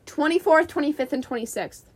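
A young woman co-hosting a casual podcast, giggly and animated, recorded on a phone voice memo. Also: high voice, brisk, a crowd in the background. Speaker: podcast co-host. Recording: phone voice memo with background noise.

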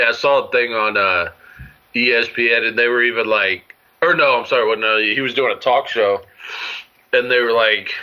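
A man's voice: medium pitch, pushed and bright. Rambling male podcast co-host, lo-fi. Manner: rambling, full of fillers and restarts. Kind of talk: casual sports chat. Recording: dull lo-fi audio.

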